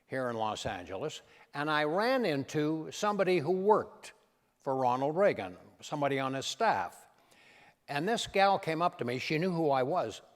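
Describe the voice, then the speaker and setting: An older man, a comedian and impressionist, telling anecdotes on stage with an animated, punchline-driven delivery. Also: mid-range voice, long reverb tail. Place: event stage in a large hall.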